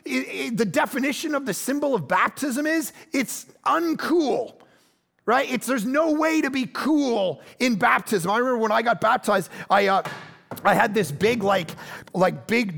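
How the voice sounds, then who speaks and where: A man preaching a sermon as pastor, telling lively personal stories and swinging from loud, punchy lines to low, quiet ones. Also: vocal fry.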